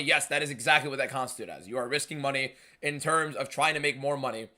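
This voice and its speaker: A young man hosting a live fight watchalong, reading viewer messages aloud and talking in an emphatic, shouty way. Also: medium pitch, quick pace, few pauses. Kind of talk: live stream chat and fight commentary.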